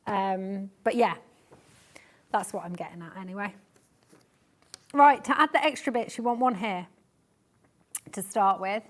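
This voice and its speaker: Woman, live sewing demo, step-by-step explaining, chatty asides, middle pitch. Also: a little slow, long pauses. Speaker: sewing demonstrator. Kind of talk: live craft demonstration. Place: TV studio.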